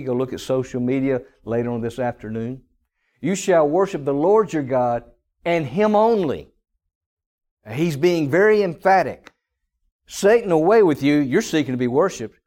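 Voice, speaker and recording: A man preaching a sermon, emphatic, with dramatic pauses and big swings in pitch. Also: darkish tone. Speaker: pastor.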